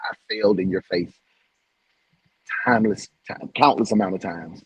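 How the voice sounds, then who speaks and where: Guy on a livestream, husky voice, kinda dull lo-fi mic. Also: sits low, normal speed, pauses often, no echo. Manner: heartfelt, preachy, repeats phrases; hyped, shouting out viewers. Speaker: livestream host. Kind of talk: casual livestream chat.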